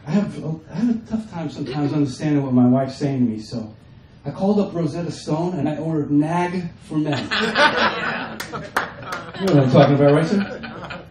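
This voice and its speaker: A man performing a stand-up comedy set, acting out his family members in quick bits. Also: fairly high pitch, expressive, background noise. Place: comedy stage before a live audience. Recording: roomy, distant mic with faint ambience.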